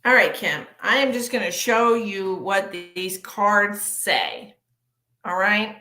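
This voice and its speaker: A chatty, sassy woman in her forties reads tarot cards live and answers viewer comments as she goes. Her voice sits at a middle pitch. The room around her rings with echo. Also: animated, takes it slowly, sharp tone. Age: 40s. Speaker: psychic tarot reader. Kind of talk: live-stream chat reading cards.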